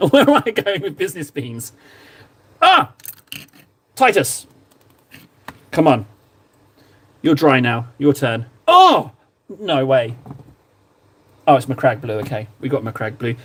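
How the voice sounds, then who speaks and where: While painting miniatures on stream, a young male host chats casually with his viewers in a voice that sits on the high side yet carries a darkish tone. He teases them in a playful, joking way, bantering with chat.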